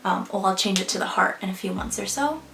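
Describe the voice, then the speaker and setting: A woman's voice: mid-range voice, fast talker, vocal fry, fairly bright tone, slight background noise. A young woman in casual vlog talk to camera, chatty and filling her speech with "like" and "um". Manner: chatty, many fillers like "like" and "um". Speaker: vlogger. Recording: echoey room, a bit far from the mic, faint music.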